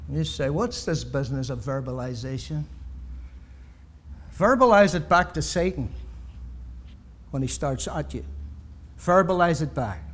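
A man preaching a sermon to a congregation, building to loud emphatic peaks and then dropping low, with repeated rhetorical questions. He gets short of breath as he goes. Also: lively intonation, measured pace, pauses often, slight background noise.

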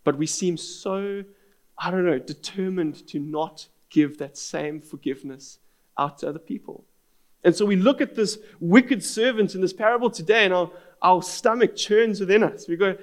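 A pastor delivers his sermon with an earnest, storytelling drive. His voice sits a little high for a man and carries a gravelly, fry-edged texture. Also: normal speed.

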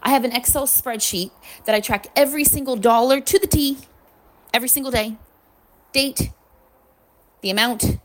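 Upbeat high-voiced woman money coach. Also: moderate pace, pauses often. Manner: upbeat, emphatic, repetitive. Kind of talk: motivational teaching talk.

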